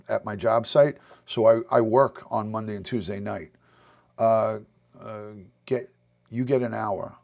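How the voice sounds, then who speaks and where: A middle-aged American man with a mid-range voice and some vocal fry hosts a livestream from his home basement. He chats casually and answers viewer comments as they come in.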